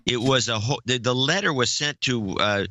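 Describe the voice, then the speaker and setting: A man's voice: mid-range voice, moderate pace, sharp tone, slight background noise. A man co-hosting a podcast, chatting casually in a blunt, dismissive way. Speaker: podcast co-host. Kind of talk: casual chat.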